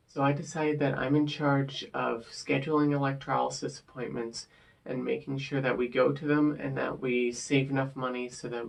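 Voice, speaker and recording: A man in his twenties talking earnestly in a casual personal vlog, soft-spoken, with frequent filler words. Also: medium pitch, vocal fry. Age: 20s. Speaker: vlogger.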